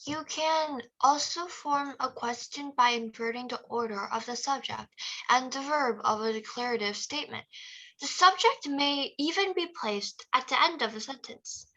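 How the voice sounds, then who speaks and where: A woman's voice: high-pitched, normal speed, pushed and bright, poor audio. A woman student in an online class, reading aloud and trying phrases hesitantly. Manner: hesitant, unsure.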